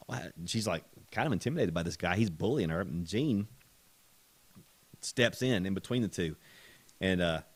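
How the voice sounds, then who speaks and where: A man hosting a podcast, telling a story in a casual, animated way with laughter and repeated words. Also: fairly low pitch, no room sound. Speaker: podcast host.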